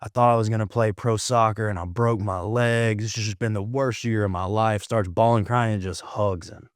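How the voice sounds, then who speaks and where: Low-voiced man telling a story. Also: steady tone, moderate pace, dry recording, clean studio sound. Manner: laid-back storyteller, calls people dude, swears casually. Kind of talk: casual podcast conversation.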